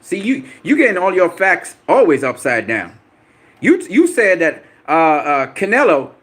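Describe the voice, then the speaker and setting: A man's voice: sits high, fairly bright tone, husky. A man hosting a boxing channel, answering viewer comments on a live stream in a combative, profane way, repeating himself for emphasis.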